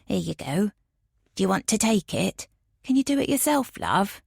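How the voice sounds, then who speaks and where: A woman reading the part of a kindly, bumbling middle-aged man who mumbles gently. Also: sits high, big pitch swings, normal speed, creaky, husky, no echo, clean studio sound, exaggerated voice. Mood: concerned.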